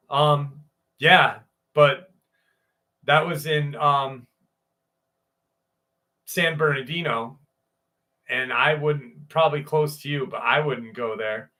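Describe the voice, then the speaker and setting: Slow-talking male livestream host. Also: mid-range voice, pushed and bright. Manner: loose, joking, swears freely. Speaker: show host. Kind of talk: reading a viewer story, then chatting with live chat.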